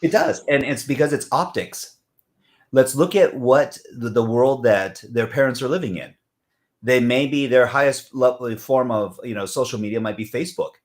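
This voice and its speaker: A man's voice: mid-range voice, normal speed. A middle-aged man from Southern California, talking as a guest in a casual conversation, telling stories and acting out other people's voices. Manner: animated storyteller who acts out others in voices.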